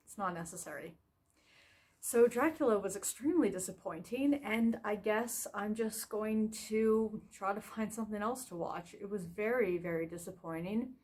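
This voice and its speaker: A woman's voice: medium pitch, normal speed. Frustrated woman ranting in a casual review. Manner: animated, frustrated, scattered with fillers. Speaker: video reviewer.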